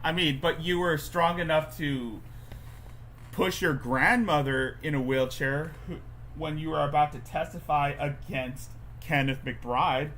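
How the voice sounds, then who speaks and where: Guy on a livestream dunking on a clip, slow and snarky, bright sharp voice. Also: on the high side. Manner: sarcastic, slow, drawn-out. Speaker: livestream commentator. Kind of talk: mocking commentary over a clip.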